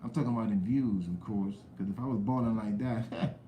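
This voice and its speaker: A man's voice: fairly low pitch, fairly quick, reverberant, a little hiss or hum, rough recording. Laid-back young man streaming live. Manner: loose, rambling talk with slang and cursing, greets chat viewers loudly. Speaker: live stream host chatting with viewers. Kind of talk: casual live-stream chat.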